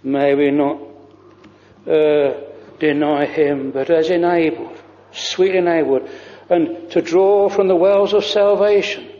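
A man's voice: a little high, slow pace, dark tone, in a large hall, muffled recording. A man preaching a fervent, old-fashioned sermon, weaving hymn lines into his words. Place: church.

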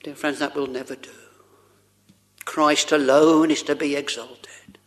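A man's voice: a little high, little pitch movement, measured pace, a bit bright. A man preaching a sermon, addressing the congregation with rhetorical questions and old-fashioned scripture wording.

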